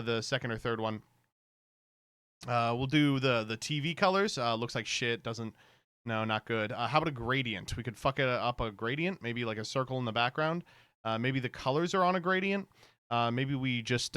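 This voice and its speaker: A male streamer rambles through casual reaction commentary, cursing freely and laughing often. His voice is smooth and resonant. The sound is close and dry, with no room echo. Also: medium pitch, a bit bright.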